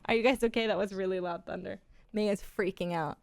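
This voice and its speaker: A young adult woman livestreaming, chatting casually with viewers in animated stories full of swearing and laughter. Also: mid-range voice, fairly quick, vocal fry, no echo.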